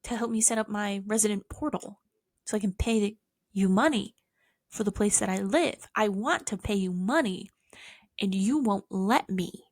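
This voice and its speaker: A young woman vlogger talks to camera in a casual, rambling monologue, swearing often and poking fun at herself. Her medium-pitched voice moves at a moderate pace, recorded in studio quality without echo.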